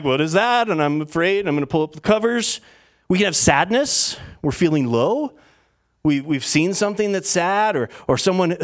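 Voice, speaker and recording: A man preaching a sermon as pastor, talking in a casual storytelling way with plenty of fillers. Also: sits high.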